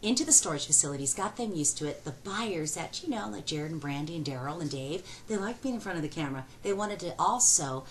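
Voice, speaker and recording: Low-voiced middle-aged woman auctioneer, quick and folksy, faint hiss behind. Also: poor audio. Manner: fast-talking, folksy and excitable. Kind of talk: answering fan questions.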